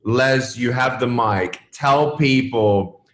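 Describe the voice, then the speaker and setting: A man's voice: medium pitch, slow pace, fairly bright tone, reverberant. A man hosting a casual interview, admiring and a bit hesitant, with fillers between phrases. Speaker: host.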